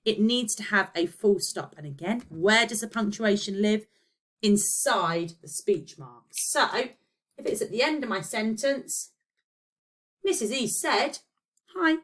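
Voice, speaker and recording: A woman's voice: mid-range voice, lively intonation, unhurried, fairly bright tone. A woman teacher giving a recorded lesson, explaining step by step and checking in with her pupils. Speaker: primary school teacher.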